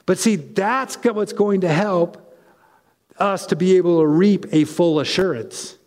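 A man preaching a conversational sermon as pastor, animated and chatty with frequent asides and restarts. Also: high voice, measured pace, in a large hall.

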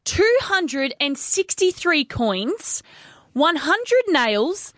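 A woman's voice: high-pitched, very animated, very slow, fairly bright tone, dry recording, clean studio sound. A woman with an Australian accent co-hosting casual breakfast radio, telling a news story with playful exaggeration. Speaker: radio co-host. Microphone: studio microphone.

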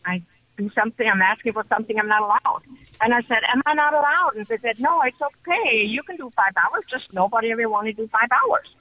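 An excited woman phones in to a talk show and tells her story in a bright, forceful voice. The call comes through a dull, muffled phone line. It sounds dry and close, with no room around her. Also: a little high, fast, no echo. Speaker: caller. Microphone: telephone.

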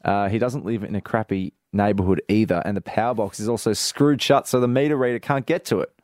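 A man, co-hosting a radio show in relaxed banter and reading out listener messages. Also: on the low side, quick pace, dry recording, clean studio sound.

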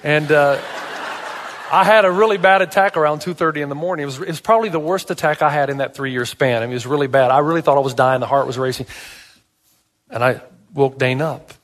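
A man's voice: a little high, fast, fairly bright tone, in a large hall, a little hiss or hum. A male pastor preaching a sermon, telling stories with animation and asking emphatic rhetorical questions.

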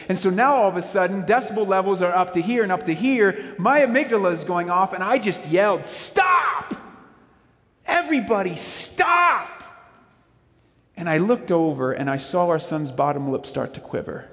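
A man delivers a sermon-style talk on parenting, speaking a little higher than most men. He tells stories in a loose, conversational way and addresses the audience directly. His voice rings out with the long reverb of a large hall.

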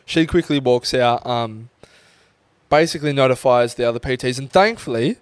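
A young man co-hosting a casual podcast tells a story in an animated way, swearing freely and acting out quotes. His mid-range voice is clear and resonant, at a moderate pace, with no room sound.

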